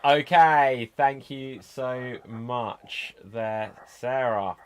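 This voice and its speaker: A man's voice: mid-range voice, extremely slow, smooth. A man hosting an online improv show, upbeat and teasing as he introduces scenes and reads out votes.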